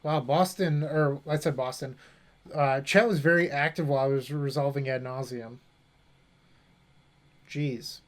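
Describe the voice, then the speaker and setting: A young man at a mid-range pitch talks through his moves as he streams a card game. He thinks aloud in an easy, offhand way, breaking off to chat with his viewers. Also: fairly even intonation, unhurried, long pauses. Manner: thinking aloud, chatting with viewers between plays. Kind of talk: casual gameplay commentary.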